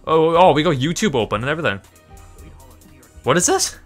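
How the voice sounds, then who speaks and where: A man narrating his own gameplay in a rambling, excitable way. He swears freely, breaks into laughter and restarts his sentences mid-thought, over faint background music. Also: a little high, a little fast. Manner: rambling, self-interrupting. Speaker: gaming YouTuber. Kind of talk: gameplay commentary.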